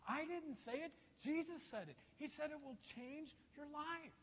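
A man's voice: extremely high pitch, moderate pace, creaky. A man preaching a sermon as pastor, emphatic and repeating phrases, calling his listeners folks. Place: church sanctuary. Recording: dull echoey church hall recording.

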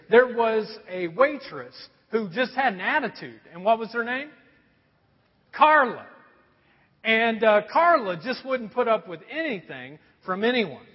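A man's voice: high-pitched, breathy edge, in a large hall, highs cut off. A man preaching a sermon, telling stories in a conversational way and asking the audience questions. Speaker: pastor.

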